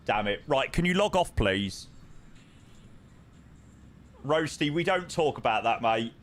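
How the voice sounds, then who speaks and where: In a slow, mid-range voice with lively intonation and a fairly bright tone, a young man chats casually while streaming a flight sim. He jokes around with viewers and sings along to the music.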